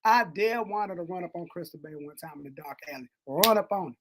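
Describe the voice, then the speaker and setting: A man co-hosting a podcast in casual chat, animated and slangy, swinging between loud and soft. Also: high-pitched, fast. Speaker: podcast co-host. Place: Texas.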